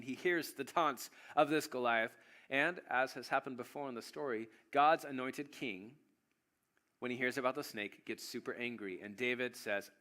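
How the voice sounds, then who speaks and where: A pastor preaching a sermon, retelling a story in an animated, joking, conversational way. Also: male voice, a little high.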